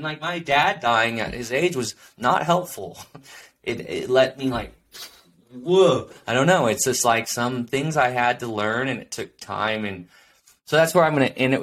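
Man, fairly low voice, solo podcast host, earnest, rambling, reflective, lots of fillers. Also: a bit bright.

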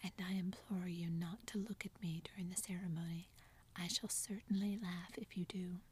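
A woman's voice: lowish voice, fairly even intonation, husky. A woman voicing a blunt, tomboyish young woman who lectures, in a whispered role-play. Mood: scolding. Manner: whispered, brisk and scolding.

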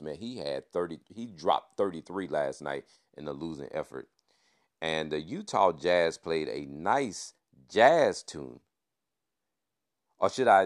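This podcast host, a man with an extremely deep voice, runs through the news and sports in a relaxed, casual recap. He keeps dropping "man" into his talk along with playful wordplay.

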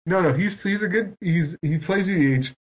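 This podcast host has a high voice and talks at a normal speed. In casual chat he tells long, rambling stories that poke fun at himself, packed with quoted back-and-forth.

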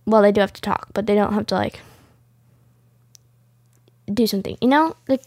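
A woman's voice: mid-range voice, moderate pace, pauses often, warm tone, no room sound, clean studio sound. A woman hosting a casual podcast, rambling along with plenty of "like" fillers. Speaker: podcast host.

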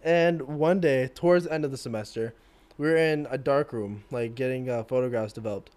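A man's voice: medium pitch, fairly quick, a little mellow. A young man casually telling a story about himself, laughing at his own awkwardness. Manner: laughing, self-mocking storytelling. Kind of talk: casual chat.

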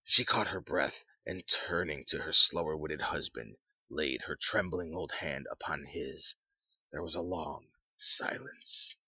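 A man reading a story aloud in measured, even narration, on a dull lo-fi recording. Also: rumbling low, slightly rough, no echo.

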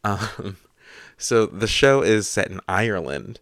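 A man's voice: fairly low pitch, slow, no room sound, clean studio sound. A young man co-hosting a podcast, telling a story with a lot of laughing. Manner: animated storyteller, laughs often. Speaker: podcast co-host. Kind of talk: casual chat.

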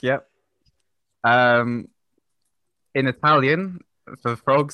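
A man with a bright, forceful voice, recorded dry and close with no room sound. He explains things patiently on a casual podcast, stopping often for ums as he finds his words. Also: mid-range voice, a little slow, no room sound. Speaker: podcast guest. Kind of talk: casual chat, storytelling.

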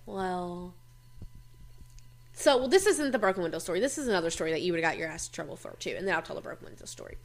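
Lively woman telling stories. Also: lowish voice, fast talker. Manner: animated, swearing, laughs often, acts out quotes. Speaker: host. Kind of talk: casual storytelling chat.

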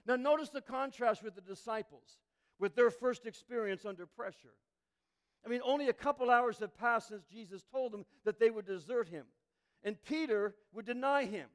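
A male pastor preaching a sermon with passion, building to emphatic peaks and dropping to a near hush. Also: extremely high pitch, moderate pace.

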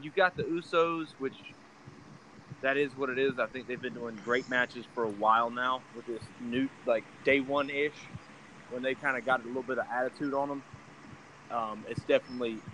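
A man's voice: mid-range voice, bright, forceful tone, slight background noise, rough recording. A man chatting casually as a co-host, hesitant and thinking aloud. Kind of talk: casual chat.

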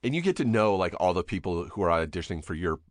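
A middle-aged podcast host with a deep, low voice tells stories in a loose, casual way, swearing often and slipping into lively impressions. The recording is dry and close, with no room sound. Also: male voice, quick pace, no echo. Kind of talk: casual chat.

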